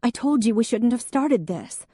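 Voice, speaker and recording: A woman's voice: lowish voice, normal speed, no room sound, studio quality, natural voice. Woman playing a hurt young woman arguing. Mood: upset. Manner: sharp, raised, emotional.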